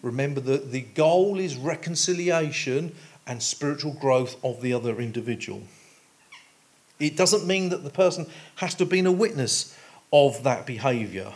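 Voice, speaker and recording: A man's voice: mid-range voice, animated, normal speed, a little mellow. A man preaching a sermon in a conversational way, explaining his points with homely everyday examples. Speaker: pastor.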